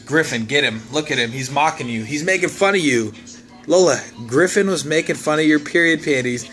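A young man talks casually to the camera in a home video, goofy and loose. His voice is bright and forward, and he keeps breaking into squeaky, excited baby talk aimed at his dog. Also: a little fast, soft background music. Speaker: vlogger.

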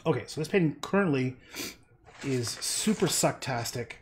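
A man's voice: medium pitch, lively intonation, moderate pace, background noise. Rambling man livestreaming his painting. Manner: rambling, talks to himself while painting. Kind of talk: casual livestream chat while painting.

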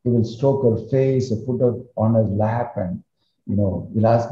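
A man, a spiritual teacher, giving an animated storytelling sermon with casual asides. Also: on the low side, a little slow. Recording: roomy, slightly muffled recording.

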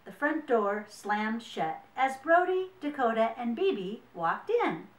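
A woman storyteller reading a children's picture book aloud in an expressive, unhurried way. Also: on the high side. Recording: echoey room.

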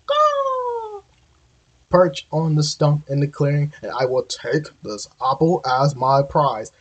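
A man's voice: mid-range voice, a little slow, breathy edge, rough recording. A man voicing a boastful eagle in a storybook reading, proud and shrieking out caws. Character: boastful male eagle of the forest.

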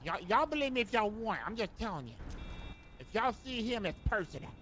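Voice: mid-range voice, very animated, fairly quick, a bit bright. A performer voicing a brash, foul-mouthed woman in improvised game role-play, with faint game noise behind. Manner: brash, swears freely, southern-tinged slang. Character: brash loud-mouthed woman car owner.

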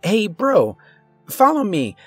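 A man's voice: sits high, slow, breathy edge, dry recording, faint music behind, pitched above the performer's own voice, full character voice. A man voicing a casual, laid-back young male college friend in a horror story. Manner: relaxed slangy talk.

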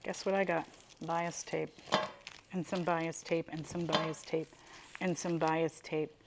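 Older woman chatting slowly through an unboxing. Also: low-pitched, level tone, background noise. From Buffalo, New York. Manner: chatty, exclaims over each item. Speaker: reseller unboxing mystery boxes. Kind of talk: casual unboxing chat to viewers.

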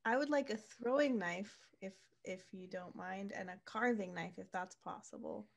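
A woman's voice: mid-range voice, moderate pace, vocal fry. A woman voicing her small, polite adventurer character, who makes her requests hesitantly.

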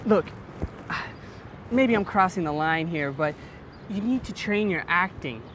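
A man's voice: high-pitched, expressive, slow, a bit bright, slight background noise, heavily acted. An actor playing a chatty, overly helpful office assistant who calls people honey and girl. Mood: sassy. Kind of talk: comedy web series acting.

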